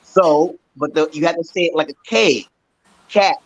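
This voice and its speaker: A man's voice: fairly high pitch, steady tone, normal speed, vocal fry, no room sound, rough recording. A man from Brooklyn, New York, hosting a stream and giving casual language advice in an emphatic way, often checking in with "okay". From Brooklyn, New York, USA. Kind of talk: casual teaching chat.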